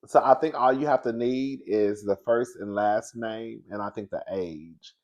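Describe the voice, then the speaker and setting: Man, sassy gossip host, animated, frequent laughter. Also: on the low side, unhurried, dull audio. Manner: animated, sassy, laughs often, calls listeners girl and baby. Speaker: commentary show host. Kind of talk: casual gossip commentary.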